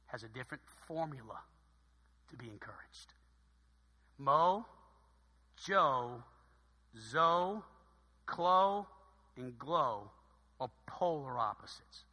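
A middle-aged man preaching a sermon as pastor, telling stories in an animated way that swings between loud bursts and quiet asides. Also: on the high side, slow, long pauses, husky. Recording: long reverb of a large hall.

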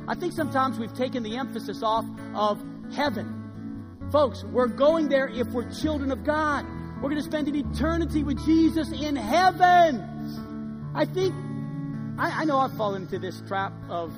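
A middle-aged man preaching a sermon as pastor, dynamic, swinging between hushed and loud delivery. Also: very high voice, animated, normal speed, in a large hall, over music. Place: church sanctuary.

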